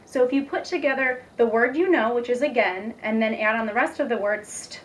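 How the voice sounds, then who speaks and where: A young woman teacher demonstrating a reading lesson, patient and encouraging, speaking slowly and clearly. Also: on the high side. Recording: distant mic with faint background noise.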